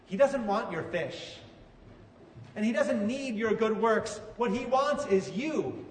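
A man's voice: sits high, slight background noise. A man preaching a sermon in a conversational way, asking his listeners questions. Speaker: pastor. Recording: echoey hall, mic from far off.

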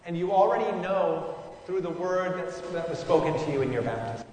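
A man's voice: on the high side, expressive, a little fast, a little mellow. A man leading a conversational Bible study, musing informally with frequent fillers and restarts. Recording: echoey hall from far off.

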